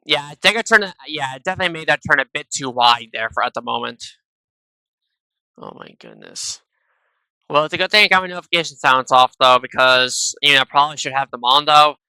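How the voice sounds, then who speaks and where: Bright, crisp man chatting over gameplay. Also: on the high side, fairly quick, no room sound, low-quality recording. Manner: tacks "though" and "and stuff" onto nearly every phrase; chatty, rambling asides to viewers. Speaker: gaming video creator. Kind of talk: casual gameplay commentary. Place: at home, recording at a PC. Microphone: gaming headset.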